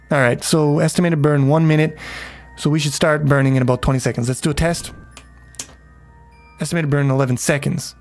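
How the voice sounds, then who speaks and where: A man casually commenting on his game during a livestream, rambling, swearing freely and chatting with viewers. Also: on the high side. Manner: rambling, profane, talks to chat.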